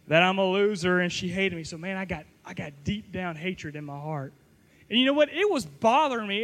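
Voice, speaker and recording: A man's voice: high voice, fairly bright tone. A middle-aged man giving a sermon, telling a self-mocking personal story to a live audience in a playful, joking way. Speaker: youth pastor.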